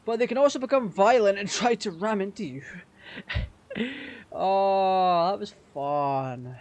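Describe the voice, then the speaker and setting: A man casually commenting on his racing game, sweary and quick to rage at the game. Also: high-pitched, a little mellow. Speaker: gaming channel host.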